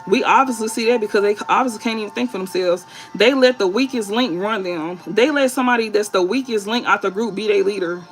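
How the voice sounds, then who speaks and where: A woman's voice: medium pitch, brisk, hardly any pauses, faint music behind, low-quality recording. A woman tarot reader talking straight to her viewers, emphatic and blunt, repeating her points and swearing freely. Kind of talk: spiritual reading to viewers.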